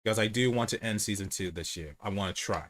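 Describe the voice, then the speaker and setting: The host is a man doing a relaxed livestream chat, blunt and profane, who describes himself as low-voiced and prone to rambling with restarts. His speech is fast and a bit bright.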